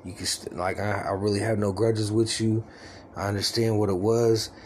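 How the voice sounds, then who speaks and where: A man's voice: lowish voice, little pitch movement, normal speed, a little mellow, slight background noise. A man in his forties rambling in a casual, confiding vlog about his life, his luck and his name. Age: 40s. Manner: rambling, confiding, self-deprecating.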